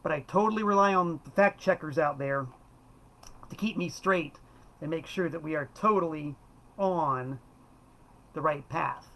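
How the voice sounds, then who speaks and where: A man's voice: on the high side, unhurried, pauses often, a bit bright, poor audio. A man in his fifties from South Florida, hosting a casual, rambling monologue about records and correcting himself as he goes. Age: 50s. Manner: rambling and enthusiastic, self-correcting. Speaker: host.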